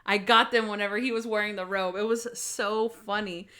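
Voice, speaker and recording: A woman co-hosting a casual podcast, talking at an ordinary middle pitch. She retells scenes with plenty of laughter and quick little impressions of the characters. Her tone stays chatty and relaxed. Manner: animated, laughing often, acting out quoted lines. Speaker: podcast co-host. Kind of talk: casual chat recapping a TV episode.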